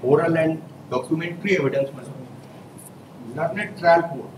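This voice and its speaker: A man's voice: a little high, unhurried. A male advocate, arguing an appeal formally in a courtroom and repeatedly saying "my lord". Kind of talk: courtroom argument. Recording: echoey courtroom audio from far off with noise.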